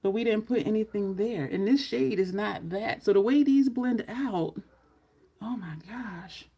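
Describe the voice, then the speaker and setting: Woman, makeup vlogger, rambling chat, gravelly voice. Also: medium pitch, a little slow, warm tone. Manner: chatty, rambling asides. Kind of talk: casual makeup tutorial chat.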